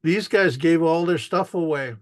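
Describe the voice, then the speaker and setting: Speaking at a moderate pace in a fairly high voice, this man is recorded at studio quality without any echo. As a photographer at a relaxed artist talk, he meanders through anecdotes about his pictures, often starting over and performing the lines he quotes.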